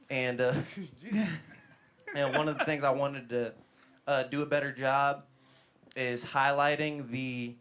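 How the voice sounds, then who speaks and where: A man's voice: mid-range voice, steady tone, a little slow, fairly bright tone. Joking thirties man hosting a live interview. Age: 30s. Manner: loose, joking and rambling with many fillers. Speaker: host.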